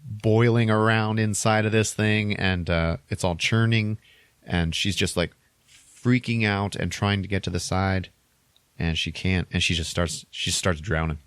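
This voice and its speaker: A man with a deep, low voice retells a film's plot casually on a podcast, rambling and animated, tossing in little sound effects. The sound is dry and close, with no room around it. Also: unhurried, clean tone, dry recording. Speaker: podcast host. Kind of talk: casual movie plot recap.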